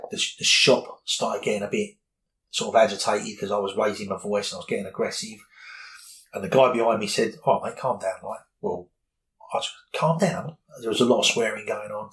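A man's voice: fairly low pitch, a bit bright, poor audio. A middle-aged man, candidly telling a personal story in an interview, rambling with many fillers.

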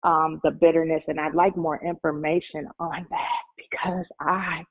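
A woman's voice: low voice, little pitch movement, normal speed. An older woman from Michigan calling into a prayer line, speaking earnestly and from the heart. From Michigan, USA. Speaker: caller. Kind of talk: prayer-call testimony. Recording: tinny phone line.

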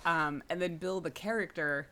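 A woman's voice: lowish voice, moderate pace, pushed and bright. A woman hosting a podcast, chatting casually with guests, often laughing and using fillers. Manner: giggly, frequent laughs and fillers. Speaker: podcast host.

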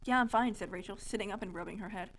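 A woman's voice: mid-range voice, quick pace, a bit bright, poor audio. A young adult woman co-hosting a podcast, reading a childhood story aloud in a playful, amused way. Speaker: podcast co-host.

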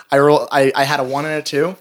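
A man playing a tabletop game, excitedly reporting his rolls and his character's reactions. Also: on the high side, moderate pace. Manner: animated, excited about dice rolls. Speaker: player. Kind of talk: casual tabletop play.

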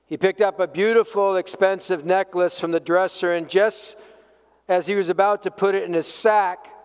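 High-voiced male pastor preaching in a reverberant hall. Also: steady tone, moderate pace, smooth. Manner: storytelling, earnest, rhetorical questions. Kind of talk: sermon. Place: church sanctuary. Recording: long reverb of a church hall.

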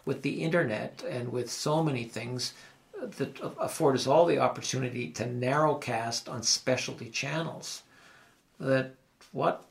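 A man's voice: mid-range voice, unhurried, creaky. An older man with an Ottawa Valley accent, hosting a local talk show and telling stories in a rambling, reflective way with restarts and asides. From Ottawa Valley, Canada. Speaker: host. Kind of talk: reflective conversational storytelling.

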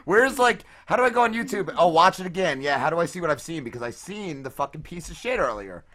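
A male podcast co-host riffing in rough, profane banter. His voice is bright and forceful, leaping up and down in pitch. He sits a bit high for a man. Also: fast talker. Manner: profane, excitable, swears a lot. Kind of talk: casual crude banter.

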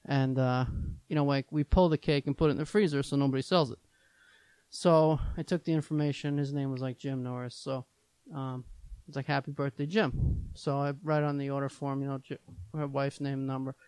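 Smooth and a little mellow, this man's medium-pitched voice moves at normal speed with fairly even intonation and no echo. A business owner from Long Island, New York, he's a podcast guest whose casual stories ramble, peppered with "like," as he performs the voices of the people involved.

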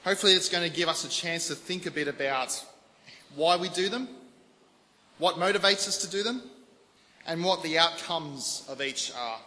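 A man giving a lively, conversational sermon to a congregation. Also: a little high, moderate pace. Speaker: preacher. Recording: long hall reverb, faint background noise.

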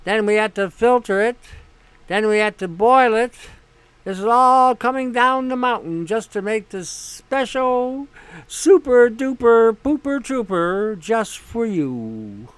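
A man voicing a pompous male quack herb seller giving a mock-grand sales pitch. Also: lively intonation, slow, fairly bright tone, clear, resonant tone, dry recording, exaggerated voice, low-quality recording. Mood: boastful.

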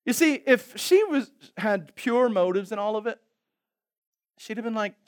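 A male pastor preaches with humor, moving between loud exhortation and soft reflection. His voice sits high and swings expressively, full of energy. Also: animated, normal speed. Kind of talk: sermon.

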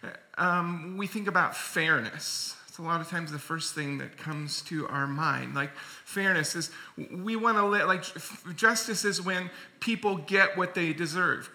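Male preacher, bright and sharp tone, chatty sermon with restarts. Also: high voice. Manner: conversational, self-correcting, with repeated words.

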